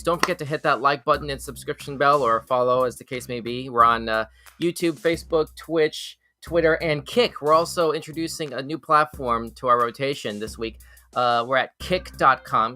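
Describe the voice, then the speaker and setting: Man hosting live reaction stream, bright voice, excitable, laughing, faint music behind. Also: mid-range voice. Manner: excitable, laughing, stumbling restarts. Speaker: show host. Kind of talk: live news reaction chat.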